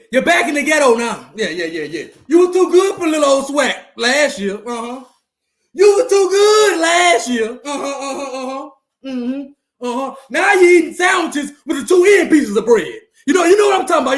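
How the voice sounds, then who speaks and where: On his live stream, a man loudly gloats over a rival team's loss, his voice high and lively. He repeats his jabs again and again, breaking them up with laughter and whoops. The roomy, echoey space gives the sports trash talk a hollow ring.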